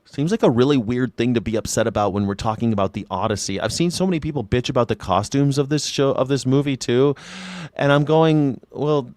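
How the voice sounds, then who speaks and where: A man's voice: medium pitch, brisk, darkish tone, no echo. Profane, sarcastic man ranting, dry sound. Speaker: livestream host. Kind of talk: casual livestream commentary.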